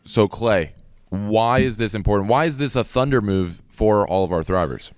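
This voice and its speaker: A man co-hosting a business podcast in a studio, reading segment cues in a steady way with hesitant fillers. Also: lowish voice, normal speed, clear, resonant tone, no echo. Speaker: podcast co-host. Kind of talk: podcast banter.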